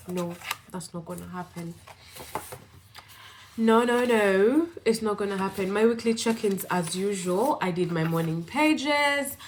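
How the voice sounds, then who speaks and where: A woman's voice: on the low side, slightly rough. Upbeat woman vlogger, slightly breathless. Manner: rambling, upbeat and effusively grateful. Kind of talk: casual vlog check-in.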